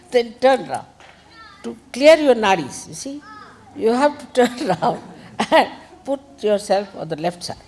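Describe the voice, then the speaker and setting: A woman's voice: fairly high pitch, very animated, slow pace, pauses often, darkish tone. An older woman giving an informal spiritual talk, conversational and admonishing, with frequent asides. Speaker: spiritual teacher.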